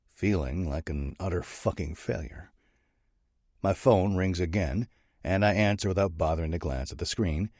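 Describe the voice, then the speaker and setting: A very deep male voice tells the story in the first person, steady and gritty. The recording is close and completely dry, with no room sound at all. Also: dry recording. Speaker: audiobook narrator. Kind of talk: first-person audiobook narration.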